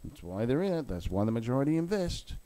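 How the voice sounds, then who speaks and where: Ranting swearing man with animated pitch. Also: fast talker. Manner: heated, swearing, blunt. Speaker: crypto market vlogger. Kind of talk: angry rant and chart commentary.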